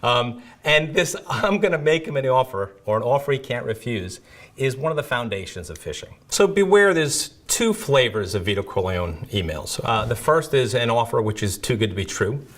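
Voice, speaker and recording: A man's voice: mid-range voice, expressive, moderate pace, fairly bright tone. A man presenting a security awareness video episode in a conversational, self-deprecating way, often checking in with "right?".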